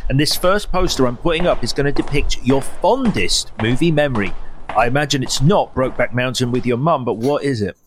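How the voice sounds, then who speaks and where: A man's voice: medium pitch, a little fast, slight background noise. A man hosting a podcast, steering a casual interview with playful guiding questions and easy hesitations. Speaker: podcast host.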